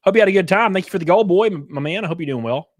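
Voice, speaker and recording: A man in casual live-stream commentary, his fairly high voice swinging widely as he reacts. He swears freely and acts out the people in his stories. The sound is dry and close. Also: racing, no room sound. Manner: animated, profane, acts out quotes in stories.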